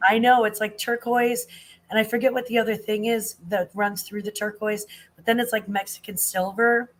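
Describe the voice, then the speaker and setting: A woman hosting a casual livestream chat, greeting viewers warmly, her voice worn and husky. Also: mid-range voice, flat delivery, moderate pace, rough recording. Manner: chatty, greets viewers with air kisses. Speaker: host.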